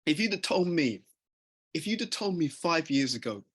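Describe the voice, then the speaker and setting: Husky-voiced man giving an earnest motivational talk. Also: a little high, very animated, moderate pace, a bit bright. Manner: earnest, conversational, poses questions to listeners. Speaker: motivational speaker.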